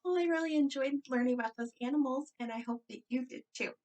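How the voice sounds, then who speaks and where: A woman children's librarian leading a storytime with a gentle, encouraging, sing-song way of talking to young children. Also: high-pitched, fast talker.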